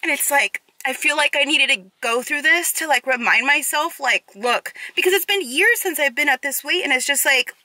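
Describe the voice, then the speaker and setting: A woman's voice: high-pitched, normal speed, hardly any pauses, sharp tone, dry recording, rough recording. A tired young woman vlogging candidly about her struggles, rambling and emotional with many filler words. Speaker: fitness vlogger. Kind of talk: candid confessional vlog.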